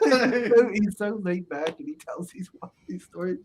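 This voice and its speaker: A man's voice: high voice, lively intonation, normal speed, slight background noise. A man hosting a casual podcast chat, telling rambling stories with frequent laughter and profanity. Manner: laughing storyteller, swearing, acting out quoted voices. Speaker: podcast host.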